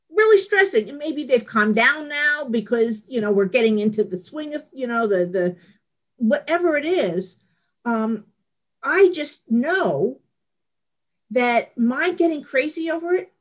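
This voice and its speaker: A middle-aged woman giving a candid, rambling personal share at a support meeting, laughing at herself. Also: sits high. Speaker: recovery meeting speaker.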